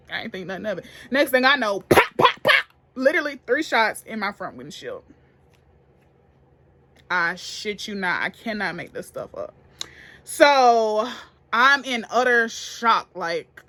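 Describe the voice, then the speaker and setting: A young woman telling a story to camera in a casual, profane, animated way, getting loud and then hushed. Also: mid-range voice. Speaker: beauty vlogger.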